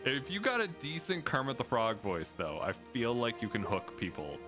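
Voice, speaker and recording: A man chatting casually while playing a co-op game, laid-back and quick to laugh. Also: medium pitch, wildly swooping pitch, music in the background. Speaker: co-op game player. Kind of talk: casual gaming chat.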